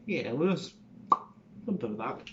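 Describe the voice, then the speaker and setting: A man's voice: a little high, sing-song, a little slow, highs cut off, background noise. A man rambling casually through an accent tutorial, swearing and interrupting himself. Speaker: vlogger and acting student.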